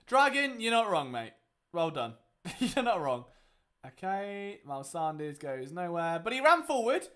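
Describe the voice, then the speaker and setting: A young man hosting a live watchalong, commenting on the game with exasperated, sarcastic asides that swing from loud outbursts to muttering. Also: high voice, very animated, normal speed. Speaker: sports watchalong host.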